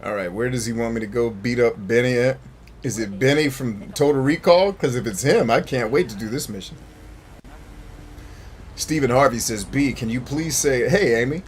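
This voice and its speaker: A man's voice: mid-range voice, normal speed, a little hiss or hum. A man hosting a gameplay stream, joking, rambling and talking to his chat. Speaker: gaming streamer host. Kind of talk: casual gameplay commentary.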